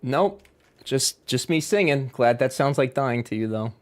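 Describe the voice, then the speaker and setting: A man's voice: mid-range voice, lively intonation, unhurried. A man streaming a game from home, chatting casually with his viewers and joking with lots of swearing. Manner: joking and profane, talks back to chat. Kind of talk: casual live-stream chat.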